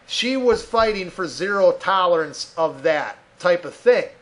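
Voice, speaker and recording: Guy with a pretty high voice swearing his way through a podcast rant. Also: animated, a little slow, fairly bright tone. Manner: profane, heated ranting with frequent swearing. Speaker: podcast host. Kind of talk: ranting podcast monologue.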